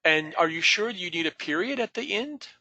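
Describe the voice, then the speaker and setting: A man's voice: high-pitched, animated, moderate pace, sharp tone, no echo, muffled recording. A man teaching an online class over a video call, patiently calling on students by name.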